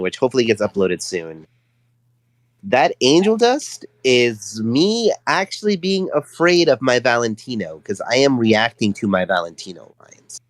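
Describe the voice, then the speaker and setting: A man, a fan voice actor, talking in casual stream chat in a playful, quick way with stammered restarts. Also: medium pitch, no echo, poor audio.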